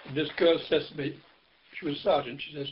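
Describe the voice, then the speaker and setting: An older man from Britain looks back on his army service for an interviewer. His voice sits a little high, and he rambles in halting bursts, leaning on "you know". The recording is dull and lo-fi. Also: fairly even intonation, slight background noise. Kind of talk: oral history interview.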